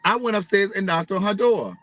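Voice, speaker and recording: Bright-voiced man telling a story. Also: high voice, fairly quick, low-quality recording. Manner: animated, profane, repeats phrases for emphasis. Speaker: vlogger. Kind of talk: casual storytelling.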